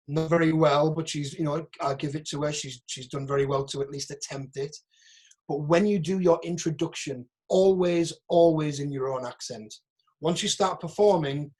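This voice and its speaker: A man's voice: a little high, darkish tone. A man with a Northeast English accent, an acting agent, giving a frank, chatty online workshop over a video call and picking apart audition clips.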